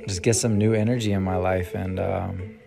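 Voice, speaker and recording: A young man talks through his solo podcast in a low, gravelly voice. He muses loosely, trails off and sighs between thoughts. Guitar music plays clearly behind him the whole time. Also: level tone, normal speed. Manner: casual, musing, trailing off with many ums and sighs. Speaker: podcast host. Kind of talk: rambling solo podcast monologue.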